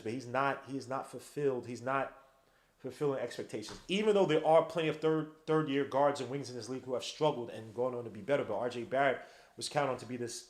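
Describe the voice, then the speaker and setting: A man's voice: medium pitch, reverberant. A man hosting a live game watch-along stream, ranting in slangy, casual talk and calling listeners bro. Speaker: podcast host.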